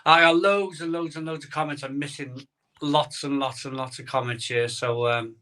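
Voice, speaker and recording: A man's voice: medium pitch, steady tone, normal speed, pushed and bright. A man, hosting a live stream and chatting casually while he reads out viewer comments, often repeating himself with plenty of ums. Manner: chatty, cheerful, many ums and repeated phrases. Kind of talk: casual chat.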